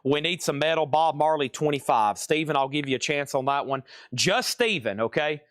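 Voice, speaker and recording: A man hosts a live-streamed record sale, chatting and rambling as he works through the auctions. His voice is fairly high, animated and fairly bright at a normal speed, recorded at studio quality with no echo.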